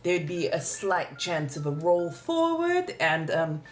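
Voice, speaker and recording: A woman from Southern California reading tarot on a live stream in casual chat, with a theatrical, drawn-out way of speaking and calling her viewers darlings. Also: on the low side, sing-song, faint music behind. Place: home.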